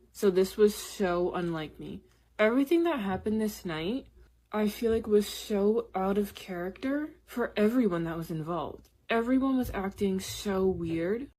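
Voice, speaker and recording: A woman's voice: fairly low pitch, a little mellow. A young woman casually telling her own story in the first person, candid and chatty, with frequent "like" and "literally". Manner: candid, conversational, many "like" and "literally" fillers.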